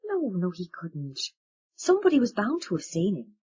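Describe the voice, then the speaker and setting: A woman's voice: mid-range voice, huge pitch swings, normal speed, dark tone, slightly rough. A woman voicing an older Irish father with a lilting, confiding way of talking, in a dull lo-fi recording. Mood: soothing. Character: older Irish father, warm, rambling, self-mocking man.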